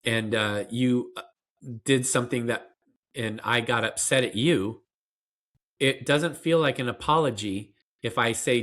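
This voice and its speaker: A man's voice: mid-range voice, measured pace, a bit bright. A man being interviewed as a parenting expert, explaining in an earnest, conversational way with fillers and restarts.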